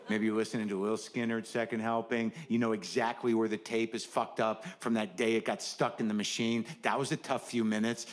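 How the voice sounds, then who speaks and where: A man's voice: mid-range voice, little pitch movement, a little fast, few pauses, a bit bright. A middle-aged man doing a stand-up comedy set, riffing in a wry, sardonic, conversational way.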